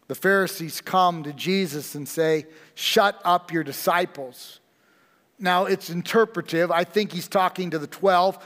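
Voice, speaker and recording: A man preaching a sermon as pastor, slow and emphatic with dramatic pauses, in a church sanctuary. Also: fairly high pitch, fairly bright tone, in a large hall.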